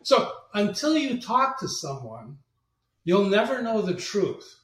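A man telling stories as a guest in an interview, animated and acting out the voices of people he quotes. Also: sits high, slow. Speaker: guest, marketing agency president. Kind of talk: storytelling interview talk. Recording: roomy, distant from the mic.

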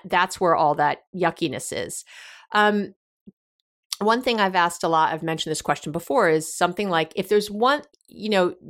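A woman's voice: mid-range voice, fairly bright tone. A woman therapist hosting an advice show, talking through example conversations with frequent restarts and acted-out questions. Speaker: therapist host. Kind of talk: advice podcast talk.

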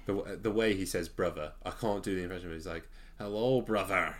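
Deep-voiced man asking questions. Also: fairly even intonation, very fast, a little hiss or hum. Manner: leading the talk with questions, easygoing. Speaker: podcast co-host. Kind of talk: casual chat.

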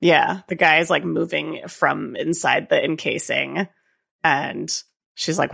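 A woman co-hosting a podcast, retelling scenes in a lively casual chat and acting out the people in them. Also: low voice, takes it slowly, vocal fry, slightly rough. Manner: animated retelling with quoted voices and frequent laughs. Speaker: podcast co-host.

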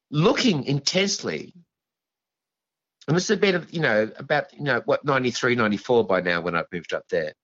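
A man being interviewed as a guest, telling a story in a halting, rambling way, full of restarts and asides. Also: on the high side, a bit bright, dull audio.

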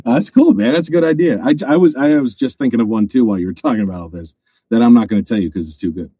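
A man's voice: mid-range voice, animated, very fast, dark tone, breathy edge, no room sound. A man in his forties hosting a podcast in casual chat, laid-back and swearing freely. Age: 40s. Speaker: podcast host.

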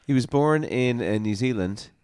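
A man's voice: mid-range voice, animated, moderate pace, darkish tone, smooth, no echo, studio quality. An Irish man co-hosting a podcast in casual chat, laughing easily and restarting his sentences. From Ireland. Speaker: podcast co-host.

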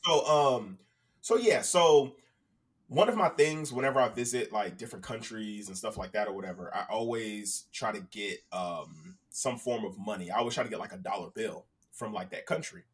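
A man telling a casual story on a podcast, profane and animated, acting out both sides of conversations. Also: on the low side, moderate pace, recorded from a distance.

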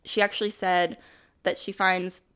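A woman co-hosting a podcast in casual chat, animated and laughing as she acts out quoted lines. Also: lowish voice, measured pace, clear, resonant tone. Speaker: podcast co-host.

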